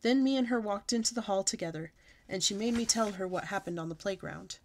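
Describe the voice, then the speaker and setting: A woman reading a children's book aloud, with a lively, expressive storytelling manner. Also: mid-range voice, brisk, a little hiss or hum.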